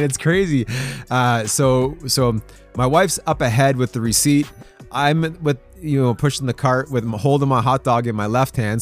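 Guy hosting a faith podcast, chatty and laughing, regular mid voice, bit of quiet music underneath. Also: medium pitch. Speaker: podcast host. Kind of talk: devotional podcast talk.

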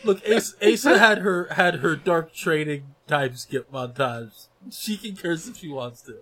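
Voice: mid-range voice, lively intonation, measured pace, bright, forceful tone. A player in a tabletop role-playing game, chatting casually and playfully.

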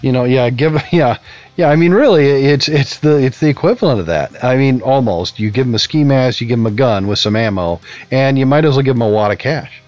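A man's voice: medium pitch, brisk, darkish tone. A man co-hosting a casual podcast who swears a lot and jokes sarcastically. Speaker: podcast co-host. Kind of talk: casual chat with a soundboard. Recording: dull lo-fi sound with faint music.

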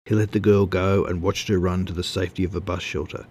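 Man, narrator, very deep voice, measured audiobook reading, light background hiss. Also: flat delivery, a little mellow.

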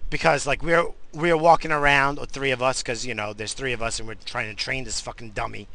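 Man, podcast host, profane angry rant, exasperated, bright voice. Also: medium pitch, fairly even intonation, fairly quick, vocal fry, poor audio. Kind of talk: profane ranting monologue.

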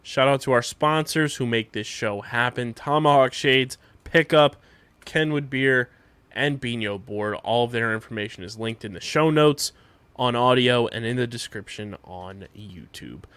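A man's voice: mid-range voice, measured pace, fairly bright tone, clean tone, dry recording. A young man hosting a podcast, tossing in dry quips during casual chat and then running through the sign-off plugs. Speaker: podcast host. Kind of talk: casual chat and show outro.

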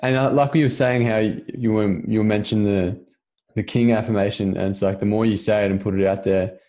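A man with a somewhat low voice talks earnestly in a relaxed podcast chat. His speech is loose and conversational, peppered with check-ins to the other person. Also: fairly quick. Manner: earnest, loose, keeps asking "you know what I mean".

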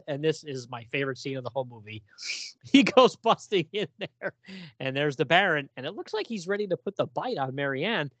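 A man co-hosting a casual film discussion, animated, laughing often and acting out characters' lines. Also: fairly high pitch, fairly quick, no room sound. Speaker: podcast co-host.

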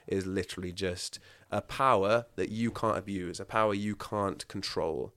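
A man chatting casually as a guest, telling stories in an animated way and often breaking into laughter. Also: sits low, moderate pace, clean tone, dry recording. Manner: animated, laughing, acts out quotes. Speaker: podcast guest. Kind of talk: casual storytelling chat.

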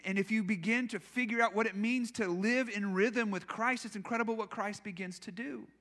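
A man's voice: high voice, fairly quick, a bit bright. A male pastor preaching a sermon in a church, telling personal stories in a conversational, self-deprecating way. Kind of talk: storytelling sermon.

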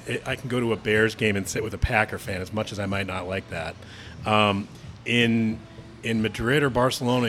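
A man co-hosting a casual pub chat, thinking aloud with frequent pauses and restarts. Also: medium pitch, a bit bright, a little hiss or hum. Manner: hesitant, thinking aloud with many ums and restarts. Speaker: podcast co-host.

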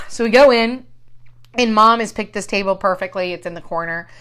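A woman in casual chat, telling a story in a swearing, animated way and acting out what people said. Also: a little high, unhurried. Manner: profane, animated storytelling with acted-out quotes.

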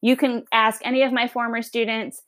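Chatty Long Island woman, higher voice. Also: flat delivery, brisk, a bit bright. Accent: Long Island New York. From New York. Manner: chatty, upbeat, rambling. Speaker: history teacher. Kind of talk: casual podcast self-introduction.

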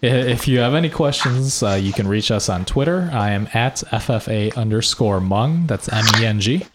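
A man's voice: medium pitch, animated, moderate pace, noisy background. A man co-hosting a casual sports podcast, talking loosely with jokes and laughter. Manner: loose, laughing, joking banter. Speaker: podcast co-host.

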